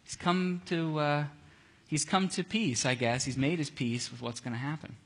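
A man leading a casual Bible study, animated and jokey, acting out scenes as he reads. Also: a little high, moderate pace, breathy edge.

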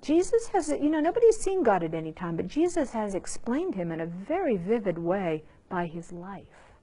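A woman's voice: mid-range voice, normal speed, husky. A woman teaching a Bible lesson to a group in an informal, conversational way, repeating herself and acting out little asides. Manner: animated, conversational, many restarts and acted asides.

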